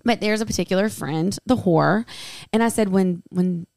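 Woman, podcast co-host, casual animated storytelling, clear voice. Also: medium pitch, normal speed, dry recording, studio quality. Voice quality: animated storyteller who laughs often. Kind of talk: casual chat.

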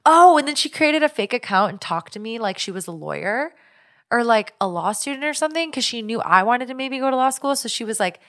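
A young woman hosting a podcast, telling a story in casual, animated chat. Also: fairly high pitch, fairly quick. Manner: chatty storyteller, animated retelling. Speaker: podcast host.

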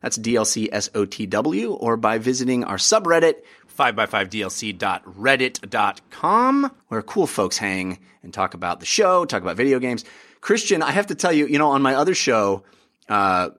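A man hosting a podcast, upbeat and excitable, chatting casually about games with plenty of fillers. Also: medium pitch, normal speed. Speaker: podcast host. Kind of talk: casual chat.

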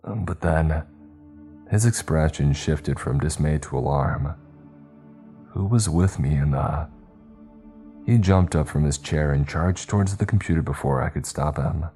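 A man reading a horror story aloud in steady, measured, scripted narration. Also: rumbling low, soft background music.

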